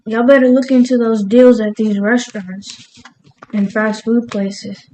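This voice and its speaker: Lady cooking at home n just rambling, kinda high voice, bit of faint noise behind. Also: fairly even intonation, unhurried, dark tone, low-quality recording. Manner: rambling, laughs at herself. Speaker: cooking vlogger. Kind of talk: casual cooking vlog chat. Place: home kitchen.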